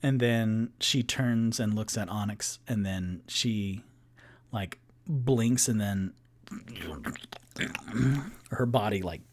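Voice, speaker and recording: Casual guy hosting a solo tabletop game stream, rambly, lots of likes and ums, mid pitch, slow going. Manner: casual, rambling, filler-heavy. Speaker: game master and show host.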